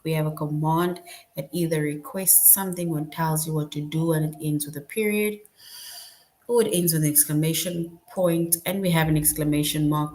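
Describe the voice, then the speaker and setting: A woman teacher, giving a slow, patient grade-school lesson and often checking in with her class. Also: deep voice.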